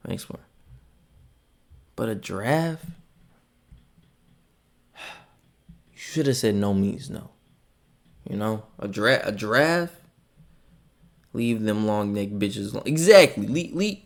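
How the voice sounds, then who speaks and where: A man streaming live, reacting to a video with profane, incredulous commentary that swings from loud outbursts to mumbled asides. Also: mid-range voice, expressive, measured pace, vocal fry, long pauses.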